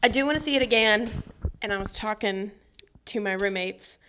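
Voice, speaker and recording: A woman's voice: medium pitch, normal speed, a little hiss or hum. A young woman from the Midwest with a St. Louis accent, co-hosting a casual podcast chat and acting out the people in her stories. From Midwest United States. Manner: animated storytelling, acts out quoted exchanges. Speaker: podcast co-host.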